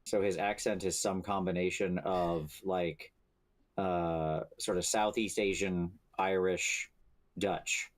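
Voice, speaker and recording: Player, man, low voice, relaxed table chat, chimes in with quick agreement. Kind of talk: casual chat at a game table.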